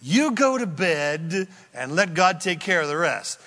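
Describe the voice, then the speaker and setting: A man voicing a calm prophet reassuring a panicked king, in a raised, lively voice. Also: a little high, unhurried, exaggerated voice. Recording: echoey hall.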